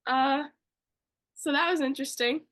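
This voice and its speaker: A woman's voice: high voice, fairly even intonation, normal speed, fairly bright tone. A young woman co-hosting a podcast, telling a story casually and gushing, with lots of fillers. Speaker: podcast co-host.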